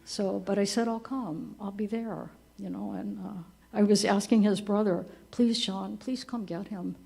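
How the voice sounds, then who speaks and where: A woman in her seventies giving a eulogy for her husband at a church memorial, telling gentle, conversational stories and laughing softly at them. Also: mid-range voice, fairly even intonation, unhurried, creaky, slightly rough. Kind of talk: personal storytelling at a memorial service. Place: church service.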